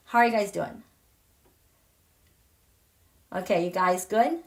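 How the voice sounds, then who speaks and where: Hosting a tarot and astrology livestream, this woman talks fairly quickly at a medium pitch. She chats casually and with emphasis, reading out comments from her audience. She comes across as lively and forceful, speaking right to the people watching.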